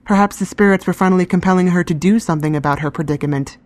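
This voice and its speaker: A woman giving calm, scripted first-person narration of a fantasy story. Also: fairly low pitch, racing, no room sound.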